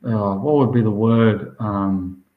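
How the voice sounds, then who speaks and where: In a phone-quality recording, an Australian male swimmer being interviewed talks slowly in a fairly low, steady voice. He's enthusiastic and casual, rambling through long stretches and dropping "mate" all the time.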